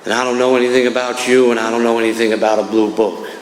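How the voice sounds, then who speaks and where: A man's voice: medium pitch, flat delivery, fast talker, a little hiss or hum. A man from New Jersey speaking as an AA speaker at a recovery meeting in a church hall, telling his story in a casual, streetwise way that keeps coming back to "man". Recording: echoey church hall with long reverb.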